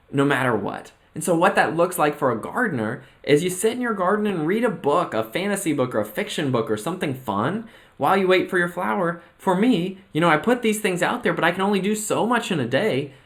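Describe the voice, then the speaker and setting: In his motivational self-reflection vlog, a mental health coach talks sincerely in a fairly high, fairly bright voice. He weaves his own stories into a long analogy, regularly asking "right?" and "okay?" along the way.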